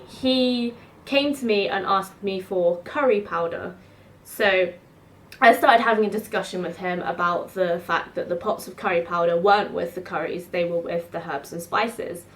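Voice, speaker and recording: A woman, telling rambling stories to camera in a chatty way, full of "like". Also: mid-range voice. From South East London. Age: 20s. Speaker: student vlogger. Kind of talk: casual storytelling to camera.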